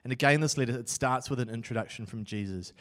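A man pastor preaching a sermon, telling a personal story with animated swings from loud outbursts to hushed lines. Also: mid-range voice, fast.

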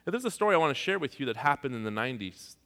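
A man from Iran, a pastor, preaching a sermon and telling personal stories, his voice dropping to a hush and rising to near shouts. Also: medium pitch, sing-song, very fast. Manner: storytelling, swings from hushed to shouting. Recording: long hall reverb.

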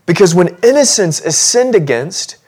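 A man delivering a sermon in a church, his voice sitting a little higher than most men's. He talks to the congregation in a loose, conversational way, then builds to animated intensity as he presses his point. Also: normal speed, slightly rough. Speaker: pastor. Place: church sanctuary.

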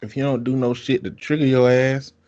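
A man's voice: mid-range voice, flat delivery, a little fast, a little mellow. A man in casual conversation, giving blunt, profane advice. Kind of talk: casual chat. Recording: dull lo-fi sound.

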